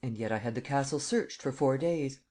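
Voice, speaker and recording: A man voicing a commanding imperial visitor who speaks calmly and evenly, in an audiobook reading. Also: medium pitch, moderate pace, lightly acted. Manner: calm, even, stating rather than asking.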